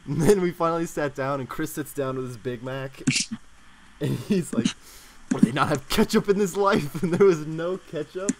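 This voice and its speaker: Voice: medium pitch, normal speed, a little hiss or hum, low-quality recording. A streamer telling a casual anecdote on stream, laughing often through the story.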